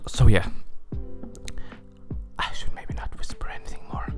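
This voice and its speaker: A podcast host, a man speaking a little slowly with music behind him, jokes through a playful whispered role-play outdoors amid birdsong. He sounds giggly and self-mocking, his mouth right up against the microphone.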